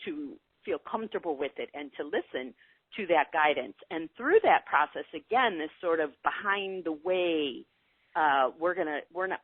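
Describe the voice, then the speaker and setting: A middle-aged woman telling her spiritual story in a casual interview, animated and earnest. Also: no echo. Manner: animated, earnest storytelling with lively pitch swings. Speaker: spiritual guide guest. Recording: tinny phone-like call audio, dry.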